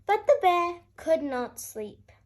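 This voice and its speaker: A woman narrating a children's bedtime story with a gentle, expressive delivery. Her high voice rises and falls a great deal, and she reads slowly and calmly. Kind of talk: bedtime story read-aloud.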